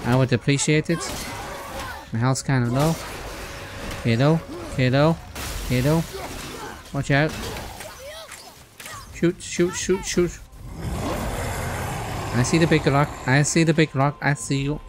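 A man with a Welsh accent, commentating on his gameplay in an excitable, panicky way and talking to the characters on screen. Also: mid-range voice, moderate pace, pauses often, noisy background. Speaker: let's player. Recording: loud game music underneath. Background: game music.

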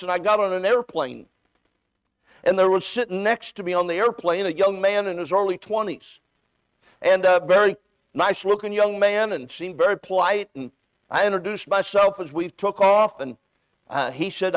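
Man, high voice, evangelist, folksy sermon storytelling, acts out dialogue, repeats words, church. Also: clean tone, no echo. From United States. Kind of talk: sermon with personal stories. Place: church sanctuary.

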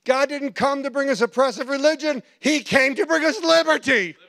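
Animated high-voiced male preacher. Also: moderate pace, vocal fry. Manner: animated storytelling, acts out quotes, laughs often. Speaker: pastor. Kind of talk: sermon. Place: church.

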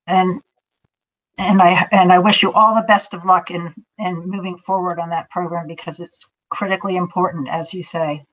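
A woman's voice: lowish voice, steady tone, moderate pace, fairly bright tone, low-quality recording. A woman hosting an interview, affirming her guest and asking long, winding questions. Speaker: interviewer, host. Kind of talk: conversational interview.

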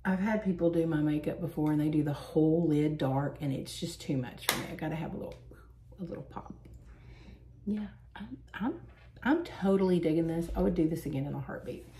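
A woman's voice: sits low, slight background noise. A woman, chatting and laughing as she tells stories while doing her makeup. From Southern United States. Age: 40s. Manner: chatty, animated, quick to laugh. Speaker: beauty vlogger.

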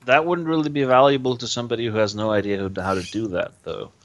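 A man's voice: medium pitch, steady tone, quick pace, lo-fi sound. A man playing a tabletop game, thinking aloud with hesitations and restarts. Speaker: player.

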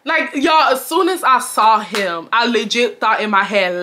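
A woman in her twenties from Houston, telling a storytime vlog in a dramatic, animated way, laughing often and talking straight to her viewers. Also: on the high side, a little slow, few pauses, slight background noise. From Houston, Texas. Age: 20s. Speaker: vlogger.

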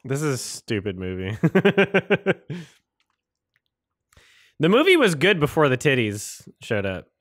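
A man's voice: mid-range voice, wildly swooping pitch, takes it slowly, pauses often, a bit bright, no room sound, clean studio sound. A man casually commenting on a movie as he watches it, rambling, swearing and incredulous. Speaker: host reacting to a film.

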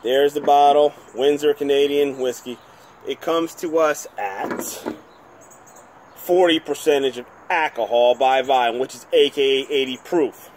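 A chatty man from New Jersey reviews a bottle on his own channel, rambling and poking fun at himself as he goes. His voice sits at an ordinary middle pitch. A faint hum of noise runs under the recording. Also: unhurried. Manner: chatty, rambling, self-deprecating. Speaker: whisky reviewer, channel host. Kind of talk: casual home video review.

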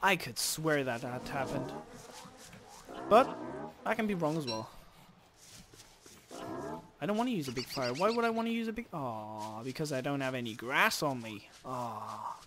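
Excitable gamer man cursing at spiders. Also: mid-range voice, a little slow, pauses often. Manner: animated, swears at game creatures, sudden loud outbursts. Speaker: let's play host. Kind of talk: casual gameplay commentary.

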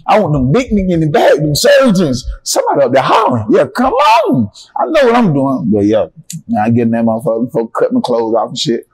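A young Atlanta man with a Southern accent tells a story as a guest in a relaxed interview. His voice sits at an ordinary middle pitch. He talks in a profane, animated way and keeps jumping into the voices of the people in his story. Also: fast talker, slightly rough. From Atlanta, Georgia.

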